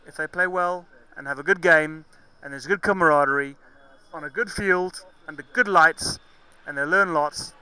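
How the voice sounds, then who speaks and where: A man from Zambia with a mixed southern African and English accent commentates live cricket in a chatty, joking way. His voice sits high and rings very bright. He fixes his own slips as he goes. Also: moderate pace, few pauses, poor audio. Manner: chatty, jokey, self-correcting.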